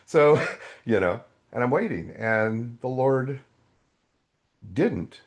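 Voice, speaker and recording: A man's voice: medium pitch, expressive, slow pace. A middle-aged man, a podcast guest, telling his faith story in a raw, candid way and acting out his own past outbursts. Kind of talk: candid testimony in an interview.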